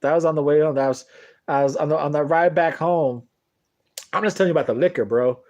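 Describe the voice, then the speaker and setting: A man's voice: a little high, fast talker, darkish tone, highs cut off. A young man telling a long, profane, rambling story in casual talk to camera on a boxing talk show.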